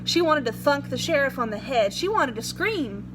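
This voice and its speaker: Lady reading a story aloud, steady, high voice, faint hiss in the background. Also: normal speed. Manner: plain, steady reading with an occasional self-correction.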